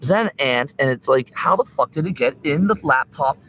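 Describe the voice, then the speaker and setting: A man's voice: mid-range voice, animated, a little fast, a bit bright, poor audio. A young man livestreaming from his laptop, talking into its built-in webcam mic indoors. His voice swings up and down as he rants and curses in an agitated, rambling way, with faint hiss behind him. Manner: profane, agitated ranting.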